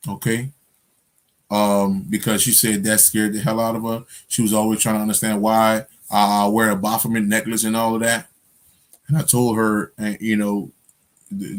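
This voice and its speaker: A man hosting his own channel, telling a story in a loose, profane monologue full of street slang, fillers and restarts. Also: lowish voice. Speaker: spiritual channel host.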